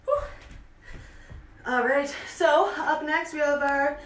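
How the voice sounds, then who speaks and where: Leading a live online workout class from a small room at home, a young Canadian fitness instructor counts reps and cues each move, breathless but upbeat. Her voice is high and a bit bright, slightly slow, with fairly even intonation. She's recorded by a distant camera, and the room echoes.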